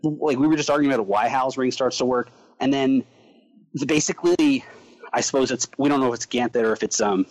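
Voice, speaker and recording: A man chatting casually on a podcast, rambling and animated, acting out characters as he goes. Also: medium pitch, a little fast, poor audio. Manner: rambling, animated, acts out characters mid-sentence. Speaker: podcast co-host reviewing a comic. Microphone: remote call mic.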